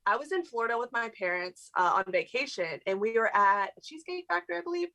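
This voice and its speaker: A woman's voice: fairly high pitch, animated, fast talker, bright, forceful tone, rough recording. A young adult woman, a guest actress, chatting casually in an interview with lots of fillers and laughs.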